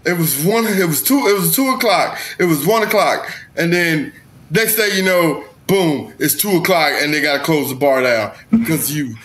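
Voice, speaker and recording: Man, comedy podcast co-host, high, sharp voice, playful and profane banter. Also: expressive, moderate pace, a little hiss or hum. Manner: loud reactions, swearing, playful. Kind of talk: casual comedy chat.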